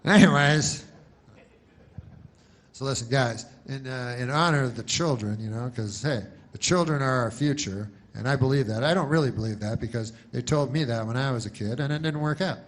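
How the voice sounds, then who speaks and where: A man telling a long stand-up joke in a dry, rambling way, with many stops and restarts. His voice sits in the middle range. A faint hiss of noise runs behind him. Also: medium pitch. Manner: rambling deadpan delivery with long pauses and restarts; mocks a pushy announcer in loud bursts. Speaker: comedian. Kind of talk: stand-up comedy routine.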